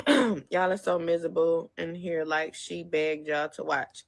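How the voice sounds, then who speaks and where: A woman's voice: on the low side, fairly even intonation, unhurried, gravelly. A woman talking on her livestream, tearful, rambling and defensive. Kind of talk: emotional live stream talk.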